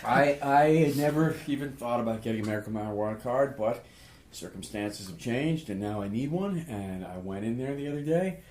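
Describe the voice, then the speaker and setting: A man's voice: medium pitch, animated, brisk, a little mellow, slight background noise. A male comedian telling stories in casual podcast talk, profane and self-deprecating. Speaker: stand-up comedian guest.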